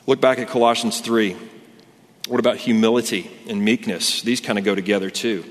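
In a long, reverberant hall, a man preaches to his congregation as their pastor, earnest and conversational, repeatedly restarting sentences. His lowish voice holds a steady tone at a slightly fast pace.

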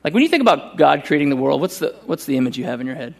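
A male pastor preaching a sermon at a church service with earnest urgency, slowing down to read scripture deliberately. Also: fairly high pitch, big pitch swings, vocal fry.

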